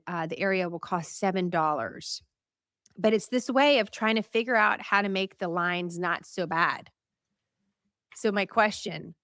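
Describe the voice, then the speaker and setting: A woman hosting a news show, talking casually to a live audience in a chatty, animated way, laughing and asking viewers what they think. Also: mid-range voice, no echo, clean studio sound.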